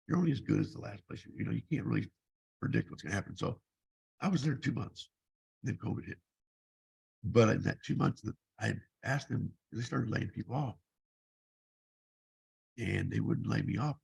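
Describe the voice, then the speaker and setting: A man's voice: on the low side, gravelly, darkish tone, slightly rough, no room sound. A man in his fifties, a life coach, telling his own story in a blunt, profane, rambling way. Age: 50s. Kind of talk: casual personal storytelling.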